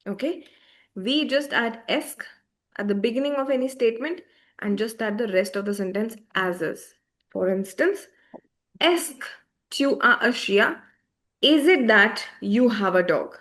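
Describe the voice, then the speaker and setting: A woman's voice: fairly high pitch, expressive, moderate pace. A woman teaching a beginner French class online over a video call, patiently checking that her students follow. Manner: patient, checks often for understanding.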